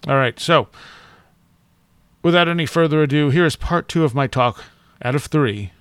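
A man hosting a podcast, introducing the episode and asking questions in a relaxed way with some fillers. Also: fairly high pitch, moderate pace, clean tone, dry recording. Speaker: podcast host.

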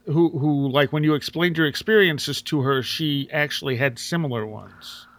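A man hosting a podcast, introducing the episode and asking questions in a relaxed way with some fillers. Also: fairly high pitch, normal speed. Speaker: podcast host.

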